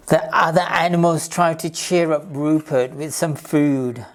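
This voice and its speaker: A woman reading a picture book aloud to children as a library storyteller, in a slow, gentle, clear manner. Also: sits low.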